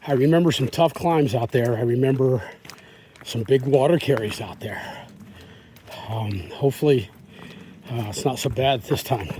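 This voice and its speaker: A man's voice: medium pitch, normal speed, long pauses, slight background noise. A man vlogging while hiking a forest trail, rambling casually into a phone he holds in his hand. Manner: rambling, chatty, talks softly to deer. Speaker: hiker vlogger. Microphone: phone held in hand.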